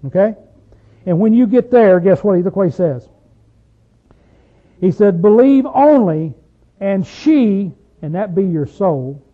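A preacher with a high voice delivers his sermon, firing questions at his listeners. He swings from loud bursts to near-hushed lines. The sound is thin and tinny, like it came over a phone.

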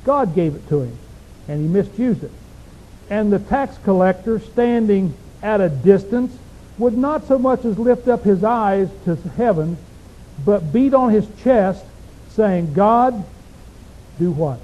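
A man's voice: sits high, animated, a little slow. A man preaching a sermon, teaching a Bible passage in a folksy, emphatic way with many rhetorical questions. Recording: dull lo-fi recording.

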